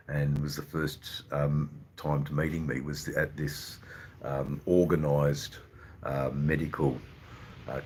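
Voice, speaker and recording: A man's voice: rumbling low, slight background noise. An Australian man hosting a live stream, chatting casually to viewers in a rambling, hesitant way full of ums and uhs. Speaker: livestream host.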